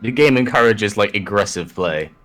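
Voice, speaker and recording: A young man casually coaching a friend through a fighting game, explaining the mechanics in a relaxed way. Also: on the low side, moderate pace. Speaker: guest coach. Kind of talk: casual coaching during gameplay.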